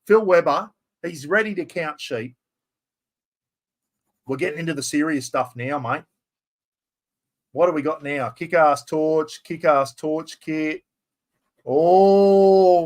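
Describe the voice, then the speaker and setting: A middle-aged Australian man hosting a live giveaway stream, chatty and excitable, full of blokey slang. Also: high voice. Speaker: livestream host.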